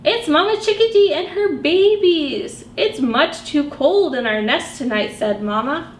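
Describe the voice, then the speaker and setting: A woman librarian reading picture books aloud to young children, animated and sing-song, asking them questions as she goes. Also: high-pitched, unhurried. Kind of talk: storytime read-aloud for children. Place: library room. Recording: echoey room with faint background noise.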